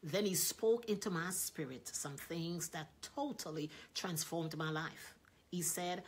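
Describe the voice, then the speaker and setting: A woman preaching a sermon, reading aloud from a book and acting out the voices in it, often rising loud and excited. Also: fairly low pitch, moderate pace, slightly rough.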